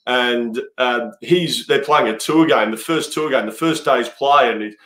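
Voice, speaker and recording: A man's voice: medium pitch, bright, forceful tone. Aussie guy rambling thru a story, lots of restarts, echoey room. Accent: Australian. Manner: rambling, halting, many restarts. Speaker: guest, cricket head coach. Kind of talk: casual interview storytelling. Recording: roomy echo.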